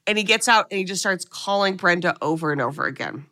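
A woman's voice: mid-range voice, lively intonation, fast talker, hardly any pauses, bright, forceful tone. A woman co-hosting a podcast, recapping a movie in casual chat and swearing freely as she tells the story.

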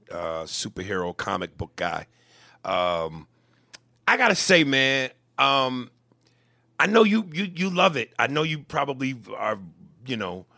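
A man's voice: medium pitch, gravelly, sharp tone, dry recording. A man in casual podcast chat, giving blunt, emphatic opinions.

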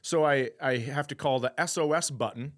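A man co-hosting a podcast, telling a story in a casual, animated way with plenty of swearing. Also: mid-range voice, normal speed. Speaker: podcast co-host. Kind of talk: casual chat.

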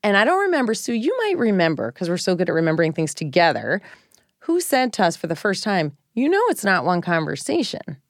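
A woman's voice: on the low side, a little fast, no echo, clean studio sound. A middle-aged woman co-hosting a podcast, chatting casually and acting out quotes as she tells parenting stories. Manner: animated storytelling, acts out quotes. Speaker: podcast co-host. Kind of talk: casual chat.

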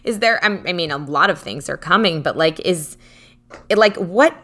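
A woman co-hosting a podcast in casual chat, bubbly and quick to laugh, with lots of "like" in her talk. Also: on the low side, animated, bright, forceful tone. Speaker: podcast co-host.

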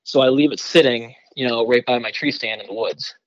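Excited rambling man telling a hunting story. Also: mid-range voice, brisk, dry recording, muffled recording. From Michigan. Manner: excited, rambling, heavy on "like" and "you know". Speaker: podcast guest, bowhunter. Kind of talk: casual storytelling in a podcast interview.

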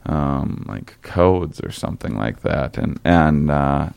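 A young man with a very low, gravelly voice tells a story in loose, casual chat. He stumbles through it with fillers and false starts, but the tone underneath stays smooth and resonant. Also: lively intonation, darkish tone. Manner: rambling, halting with fillers and restarts.

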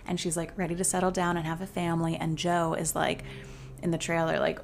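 Talking briskly in a gravelly, fairly low monotone, a woman runs a solo advice podcast from a closet in her home, with slight background noise. She's chatty, says "like" constantly, and labels herself hot-headed and fiery.

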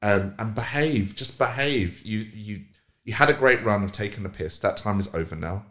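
A very deep-voiced man talking in a casual podcast chat. He is emphatic and animated. He sounds roomy and echoey. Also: moderate pace. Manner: animated, emphatic, swings into loud mocking voices. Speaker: podcast co-host.

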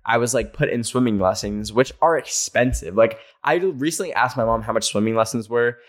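A man's voice: medium pitch, brisk. A young man hosting a podcast from home, reading listener stories in a rambling, joking chat full of "like" fillers. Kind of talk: casual chat. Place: home, near a garage.

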